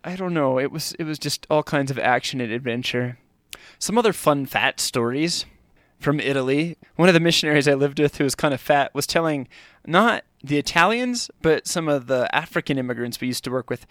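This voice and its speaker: A man's voice: a little high, a little fast, a bit bright, no echo, clean studio sound. A middle-aged man telling funny stories from his own life, rambling and poking fun at himself with lots of "like.". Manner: rambling and self-deprecating, heavy use of "like". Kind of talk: comedic personal storytelling.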